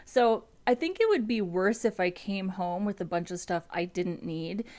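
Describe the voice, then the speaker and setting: A woman's voice: mid-range voice, animated, moderate pace, mellow. A woman chatting casually at home as host of a front-end coding live stream, rambling and restarting her sentences.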